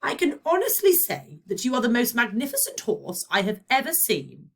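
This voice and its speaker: Woman doing a slow, stately old queen. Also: a little high, huge pitch swings, pitched above the performer's own voice, full character voice. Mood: gracious. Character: regal elderly queen, calm and gracious.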